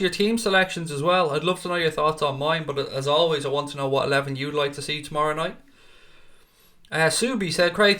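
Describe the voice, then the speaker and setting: Hosting a football livestream from his home green-screen setup, this young man greets people by name and reads out what they've commented. He sounds somewhat high and a little bright.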